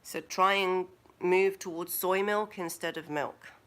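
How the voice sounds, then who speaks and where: A woman hosting a live stream in a relaxed, casual way, recommending foods and telling stories. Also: on the low side, unhurried.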